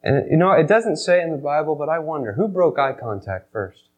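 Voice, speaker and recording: A man preaching a sermon, retelling a scene dramatically and swinging between loud emphasis and hushed, slow passages. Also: on the high side, very animated, low-quality recording. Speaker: pastor.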